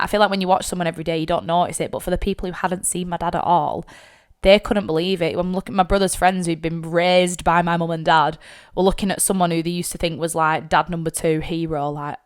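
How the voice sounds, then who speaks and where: A woman's voice: on the low side, clear, resonant tone. A young woman, hosting a podcast, telling a personal story bluntly and with frequent swearing, tearful at times. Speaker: podcast host.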